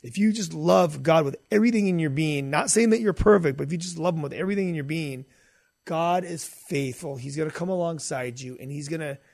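Podcast guest, male, earnest and casual, fairly high voice, dry close sound. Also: fairly quick, creaky, darkish tone, no room sound. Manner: earnest, many fillers and restarts. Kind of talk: casual faith talk.

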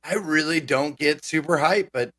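A man's voice: a little high, normal speed, pushed and bright. A man co-hosting a casual podcast chat about games, eager and full of questions. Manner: eager, questioning, stumbles over words. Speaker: podcast co-host.

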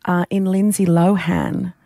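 A woman's voice: fairly low pitch, fairly even intonation, a little slow, creaky, dark tone. A woman co-hosting a radio show, chatty and teasing in casual banter. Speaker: radio co-host. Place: radio studio.

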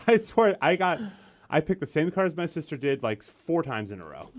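Lively storytelling man. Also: fairly high pitch, normal speed. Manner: animated storytelling, acts out quotes. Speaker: podcast co-host. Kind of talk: casual chat.

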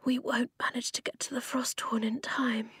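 A woman voicing a worried young girl heroine who speaks in a breathy whisper, in a storybook reading. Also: fairly high pitch, level tone, normal speed, no echo, clean studio sound, voice pushed up.

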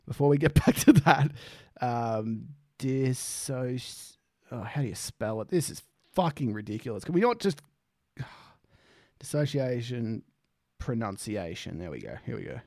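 A man's voice: medium pitch, creaky, darkish tone, no room sound, studio quality. A young man rambling through a casual music reaction, swearing freely and laughing often.

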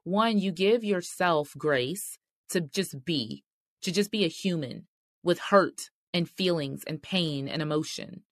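Earnest woman podcast host, low voice. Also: slow pace, no echo. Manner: earnest, direct, addresses listeners as "y'all" and "sis". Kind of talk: faith-based marriage advice podcast.

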